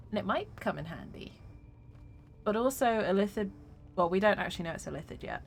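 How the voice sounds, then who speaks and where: A woman's voice: mid-range voice, fairly quick, creaky, a little hiss or hum. Playful, giggly woman streamer. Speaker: streamer playing a video game. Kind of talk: casual gaming commentary.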